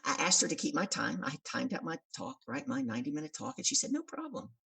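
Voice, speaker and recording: Very low, gravelly woman telling stories. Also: fast talker, far from the mic. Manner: animated, acting out the voices of people in her stories. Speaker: podcast guest, coach and speaker. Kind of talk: storytelling in an interview.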